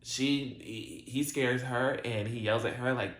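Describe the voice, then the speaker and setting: A man's voice: mid-range voice, unhurried, a bit bright. A man giving a casual recap of a TV episode in a chatty, slangy way, full of "like". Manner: chatty retelling, heavy use of "like" and slang. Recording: roomy echo.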